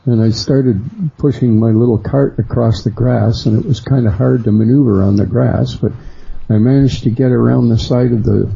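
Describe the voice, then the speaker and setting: Gravelly, dark-voiced middle-aged man. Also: steady tone. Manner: unhurried storyteller who acts out quoted voices higher. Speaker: guest. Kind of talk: recounting a personal experience. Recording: dull lo-fi sound.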